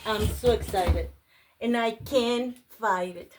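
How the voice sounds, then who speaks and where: A woman whose first language is Spanish, excitedly chatting through a casual unboxing and gasping over each find. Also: a little high, slow, noisy background. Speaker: vlogger unboxing a craft store grab box.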